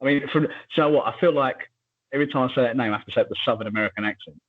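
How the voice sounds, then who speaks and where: A man co-hosting a podcast in casual chat, chatty and animated, with quick asides and a husky voice. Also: mid-range voice. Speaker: podcast co-host. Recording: tinny phone-like line.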